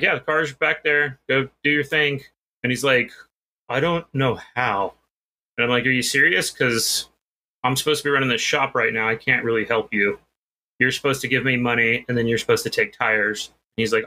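A man's voice: mid-range voice, sharp tone. A man co-hosting a podcast, telling a rambling, self-deprecating story in casual chat. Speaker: podcast co-host.

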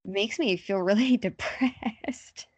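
A woman's voice: mid-range voice, slow, a little mellow, slightly rough, no room sound. A young woman talking politics casually in a hesitant, wry way, with many fillers.

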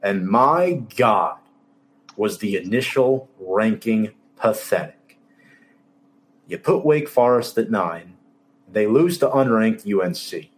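A man's voice: lowish voice, animated, slow. A man hosting a casual sports talk show, emphatic, exasperated and openly sarcastic. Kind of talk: casual sports podcast chat.

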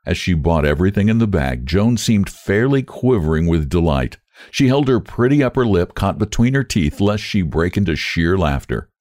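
A man narrating a story aloud with a measured, expressive reading. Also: deep voice, no room sound, clean studio sound. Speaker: audiobook narrator.

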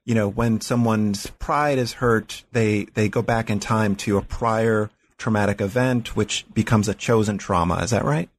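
A man's voice: on the low side, fairly even intonation, normal speed, hardly any pauses. A man interviewing a guest, asking careful questions with restarts and clarifications. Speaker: interviewer host.

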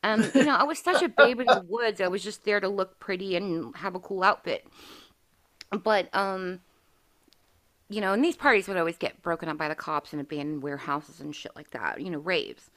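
Female podcast host, forties, mid-pitched, swears freely, animated storyteller. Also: normal speed. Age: 40s. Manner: candid, profane storytelling with acted quotes. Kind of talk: casual chat.

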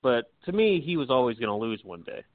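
A man's voice: medium pitch, very animated, fairly quick, dry recording. Blunt, swearing man on a tinny line. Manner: blunt, swears freely, laughs often. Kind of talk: casual chat. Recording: tinny phone-like sound.

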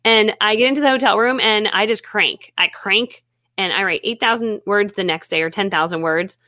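A woman guest telling her own story in a lively way, often acting out what people said to her. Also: mid-range voice, moderate pace, no echo, clean studio sound. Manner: lively, acts out her own and others' remarks. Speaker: guest, author and network marketer. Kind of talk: animated storytelling in conversation.

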